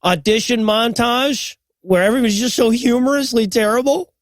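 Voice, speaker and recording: Male podcast co-host recapping a film; high, dry, sarcastic. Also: moderate pace, no room sound. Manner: wry, sarcastic retelling. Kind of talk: casual comedic plot recap.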